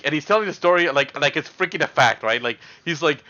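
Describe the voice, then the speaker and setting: Young man storyteller, bright tense voice, rambling and animated, dull stream mic. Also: fairly high pitch, fairly quick, hardly any pauses. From Canada. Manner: rambling, animated, heavy fillers. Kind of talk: casual storytelling.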